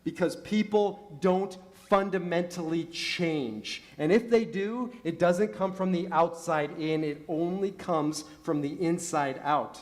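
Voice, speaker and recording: High-voiced man preaching a sermon. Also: slow, hardly any pauses. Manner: storytelling with rhetorical questions, rising emphasis. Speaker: rabbi. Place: synagogue sanctuary.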